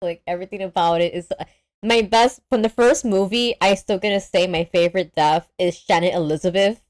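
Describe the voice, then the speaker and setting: A woman co-hosting a casual movie podcast, excitable and laughing, with casual swearing. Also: mid-range voice, a little fast, no echo. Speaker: podcast co-host. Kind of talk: casual movie review chat.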